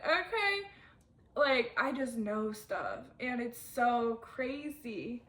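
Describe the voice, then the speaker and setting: A young woman in her twenties rambling candidly to camera in a casual vlog, full of fillers. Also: a little high. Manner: rambling, frequent "like", candid and chatty. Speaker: vlogger. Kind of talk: casual confessional chat to camera.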